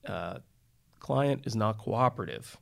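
A man's voice: on the low side, expressive, a little slow, creaky. A middle-aged man, a criminal defense attorney co-hosting a podcast, telling a courtroom anecdote in a wry, self-deprecating way. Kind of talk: casual storytelling chat.

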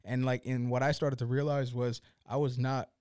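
A man's voice: mid-range voice, level tone, moderate pace, darkish tone, clean tone, no echo, clean studio sound. A man co-hosting a podcast in casual chat, laid-back and slangy, often calling his friends "man". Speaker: podcast co-host.

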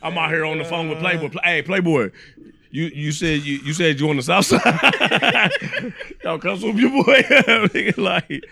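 A man co-hosting a podcast, chatting casually and acting out phone calls with animated delivery. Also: a little high, a little slow, creaky. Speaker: podcast co-host. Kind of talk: casual chat.

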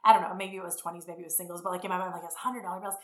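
A woman's voice: lowish voice, very fast, echoey room. A middle-aged woman telling a rambling story in a casual way and acting out what people said. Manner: rambling, animated, acts out quotes. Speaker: fitness business founder.

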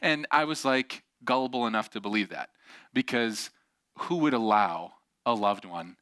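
A man preaching in a relaxed, conversational way, full of asides and acted-out voices. His tone is bright and forceful, recorded close and dry with no room sound. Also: mid-range voice, no room sound. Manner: animated, acts out quoted voices. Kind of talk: casual sermon with storytelling.

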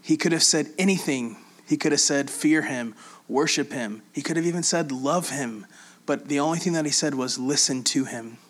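A man preaching in a relaxed, conversational way, reading scripture aloud and explaining it with frequent pauses and fillers. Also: on the high side. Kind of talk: casual Bible teaching.

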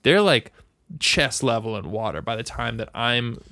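A young man co-hosts a casual podcast chat and tells his tale with animated energy. He swears freely and argues back when the others poke holes in it. His voice sits at a middle pitch and sounds dry and close. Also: normal speed, dry recording. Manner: animated storyteller, swears often, defensive when challenged. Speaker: podcast co-host.

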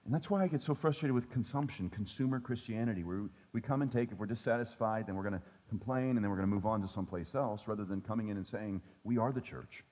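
A man's voice: lowish voice, quick pace, hardly any pauses, darkish tone. A male pastor preaching a sermon in a conversational way, with joking asides to his congregation.

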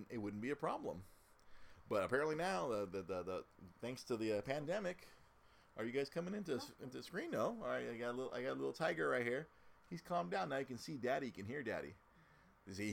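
A man's voice: on the low side, animated, a little fast, creaky. A man co-hosting a casual podcast, talking with many stammered restarts and repeated words. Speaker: podcast co-host.

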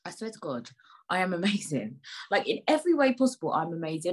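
A woman's voice: fairly low pitch, sing-song, fast, breathy edge, low-quality recording. A woman hosting a solo podcast, rambling in a chatty, joking, self-mocking way. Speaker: podcast host.

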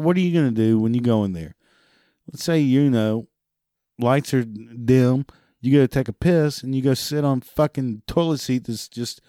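A man's voice: medium pitch, warm tone, no room sound, studio quality. A man delivering a profane, exasperated monologue rant. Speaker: ranting commentator.

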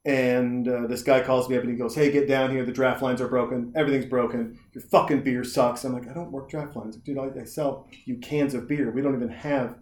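A young man from Montana hosts a casual podcast, rambling through long stories and acting out the people in them. His voice sits in a middling pitch. The room around him is echoey and roomy. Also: flat delivery, brisk, few pauses, a little mellow. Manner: rambling storyteller, acts out voices. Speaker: podcast host. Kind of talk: casual storytelling chat.

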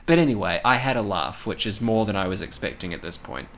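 A man recapping a horror film in casual chat, animated and profane, laughing often. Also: fairly low pitch, fast. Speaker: podcast co-host.

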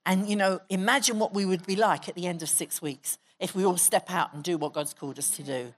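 Woman pastor preaching, lowish voice. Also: fairly even intonation, a little fast. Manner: exhorting, leads the congregation in prayer. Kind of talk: sermon with prayer and prophecy. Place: church hall.

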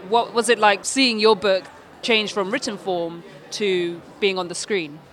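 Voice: mid-range voice, steady tone, unhurried, fairly bright tone. Polite podcast interviewer. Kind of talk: interview questions.

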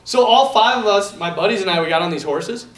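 A lively male priest chats to a group, his pitch swinging widely as he laughs and acts out each scene. His voice comes from some distance in an echoing hall. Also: quick pace. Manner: animated, laughs often, acts out quotes. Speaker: Catholic priest speaking to a group. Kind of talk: casual talk with a story. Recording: roomy hall, distant mic.

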